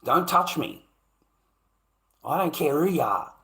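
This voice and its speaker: A man's voice: on the high side, lively intonation, takes it slowly, sharp tone. A man hosting his own channel, ranting on a livestream in a confrontational, sarcastic way, swearing and repeating himself. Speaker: channel host. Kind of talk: livestream rant.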